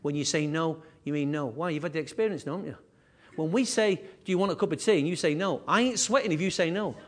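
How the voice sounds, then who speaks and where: High-voiced man preaching a sermon. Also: fast talker. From England. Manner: animated preaching with repetition and asides. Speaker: pastor.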